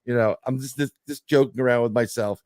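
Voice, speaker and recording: A middle-aged man telling a story in casual podcast chat, animated and joking, with some swearing. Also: mid-range voice, brisk, no room sound. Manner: animated storyteller, swearing, laughing through jokes. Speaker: podcast guest.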